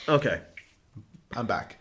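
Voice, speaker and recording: A man co-hosting a casual chat podcast. He jokes crudely and laughs often, and his pitch swings widely around a middle register. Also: fairly bright tone, husky. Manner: jokey, crude, quick to laugh. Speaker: podcast co-host.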